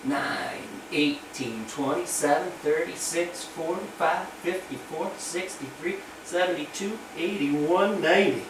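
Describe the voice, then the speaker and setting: A man's voice: on the high side, unhurried, hardly any pauses. A male PE teacher leading stretches and counting aloud as he demonstrates the moves. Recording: echoey room from far off with noise.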